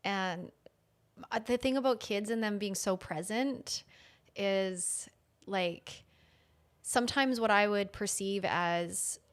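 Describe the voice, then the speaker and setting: A woman hosting a casual conversation, talking in a reflective, halting way with many fillers. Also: medium pitch, clean tone. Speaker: host.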